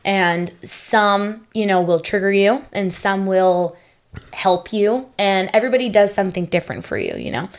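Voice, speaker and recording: A young woman in casual conversation on a podcast, speaking at a middling pitch. She rambles warmly through her thoughts, with plenty of fillers and restarts. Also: animated, normal speed. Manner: chatty, many fillers and restarts. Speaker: podcast guest.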